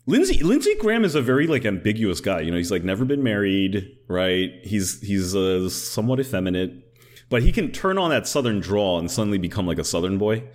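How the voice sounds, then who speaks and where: Man, low voice, very lively pitch, sardonic, casual political banter. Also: a little fast. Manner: animated, sardonic, many "like" fillers, slips into impressions.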